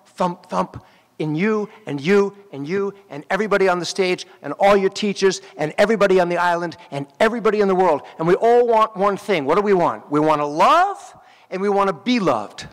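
A man, an actor, giving a graduation speech and telling animated stories straight to the graduates at the ceremony. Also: high-pitched, fairly quick. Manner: animated storytelling, addressing graduates directly. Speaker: commencement speaker. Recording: long hall reverb.

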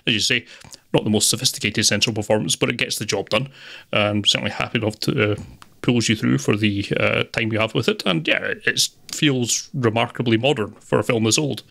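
A man's voice: fairly low pitch, fairly quick, creaky, fairly bright tone. A man co-hosting a film podcast, talking in a hesitant, easygoing way with many fillers. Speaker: podcast co-host, film reviewer. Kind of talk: casual podcast film review.

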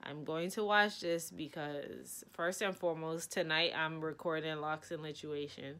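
A woman's voice: deep voice, steady tone, measured pace, a bit bright, roomy sound, distant mic. A young woman vlogging in a casual, chatty and dramatic way, talking straight to her viewers. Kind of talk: casual vlog chat.

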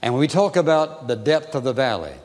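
A man preaching in an earnest, deliberate way, repeating his phrases and letting key words fall soft and low. His voice sits at an ordinary middle pitch. It carries a long reverb, as if filling a large church sanctuary. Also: animated. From United States. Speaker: pastor. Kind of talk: sermon.

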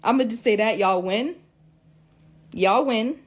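A woman's voice: fairly high pitch, unhurried, a little hiss or hum. A tearful woman in a profane, repetitive vlog rant, swinging between shock and defiance after days of crying. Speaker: social media creator.

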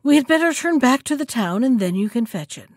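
A woman's voice: sits high, lively intonation, brisk, darkish tone, dry recording, studio quality. A woman voicing a gullible male shark who grows impatient and cross in a storybook reading. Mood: puzzled.

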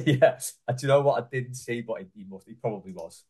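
A man's voice: medium pitch, fairly quick, over a noisy crowd. Chatty man hosting a football podcast. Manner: chatty, hands the floor to the others. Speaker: podcast host. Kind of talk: casual chat.

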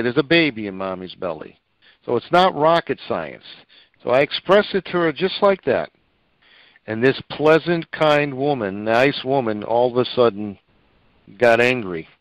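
A man co-hosting a religious talk show, preaching with emotion, pausing on many fillers. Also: medium pitch, no room sound. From Italian heritage. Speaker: co-host. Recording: dull lo-fi dry sound.

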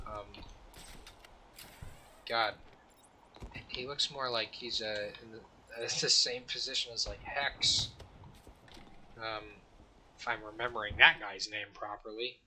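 Bright-voiced rambling gaming host. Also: male voice, medium pitch, fairly even intonation, unhurried, pauses often, slight background noise. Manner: rambling, joking storyteller with fillers and restarts. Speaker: let's play host. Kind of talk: casual gameplay commentary.

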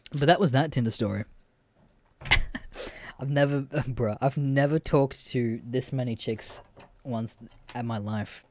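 A man's voice: medium pitch, slow pace, long pauses, a little mellow. A young man hosting a podcast, casually retelling dating stories with lots of swearing and laughter. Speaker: podcast host. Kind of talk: casual storytelling chat.

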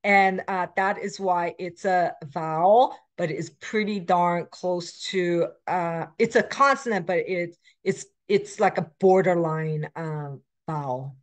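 Speaking slowly and with hardly any pauses, a middle-aged woman with a fairly low voice delivers a recorded language lecture. She walks through grammar patterns amid many fillers and self-corrections, reading example words aloud in both English and Korean.

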